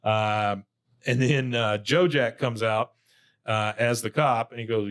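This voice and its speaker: Male podcast co-host, chatty recap delivery, drops quick character quotes, mid-pitched. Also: fairly even intonation, fairly bright tone. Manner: retells scenes with quick quoted impressions, laughs along. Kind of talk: casual chat recapping an episode.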